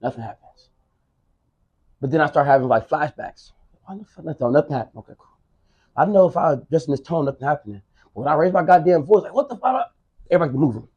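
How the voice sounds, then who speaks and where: A man's voice: a little high, lively intonation, fast, long pauses, husky, lo-fi sound. A man in his thirties chatting casually on a podcast, rambling and repeating himself, with plenty of swearing. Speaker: podcast co-host. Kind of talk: casual chat.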